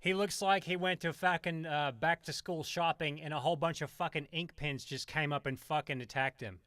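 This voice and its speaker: On a stream, a man with a slightly high, a bit bright voice rants profanely, swearing constantly and sarcastically rambling from one tangent to the next. His intonation is fairly even and his pace moderate. The sound is dry and close, with no room around it.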